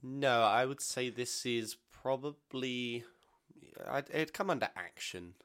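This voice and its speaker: A man co-hosting a podcast, chatting casually and joking, quick to laugh. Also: mid-range voice, a bit bright, clear, resonant tone, dry recording, clean studio sound. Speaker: podcast co-host. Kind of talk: casual chat. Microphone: studio mic with pop filter.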